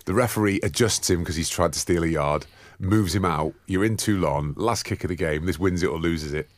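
A man with a Sunderland accent co-hosting a casual rugby chat, animated and jokey as he tells stories. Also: deep voice, brisk, dry recording. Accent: Sunderland English. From England. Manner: animated storyteller, jokey banter. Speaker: podcast co-host.

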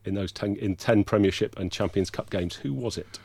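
A man, a statistician, calmly hosting a quiz on a podcast in a gentle, soothing voice. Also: fairly low pitch, a little fast, creaky, a little hiss or hum. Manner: calm, gentle reader of questions.

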